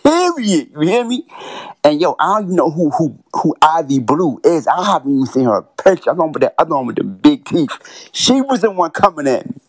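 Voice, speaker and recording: Gravelly lively defiant young man. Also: a little high, fairly quick, dry recording. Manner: defiant, boastful. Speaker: aspiring comedian. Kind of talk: casual chat.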